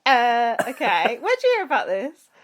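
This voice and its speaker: A woman co-hosting a comedy podcast, her fairly high voice swooping all over the place. She giggles often, teases her partner and swears freely in casual chat. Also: wildly swooping pitch, moderate pace, a little hiss or hum. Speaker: podcast co-host.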